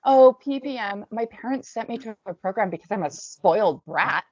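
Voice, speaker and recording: A woman voicing a shrieking teenage girl who mocks in a shrill way. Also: steady tone, normal speed, gravelly, a little mellow, no echo. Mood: mocking. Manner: shrill, mocking. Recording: dull dry lo-fi recording.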